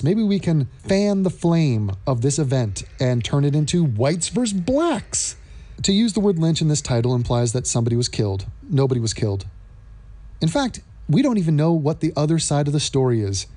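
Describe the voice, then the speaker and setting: A man's voice: a little high, sing-song, moderate pace, warm tone. A man hosting an opinion commentary vlog, talking in a sarcastic, mocking way.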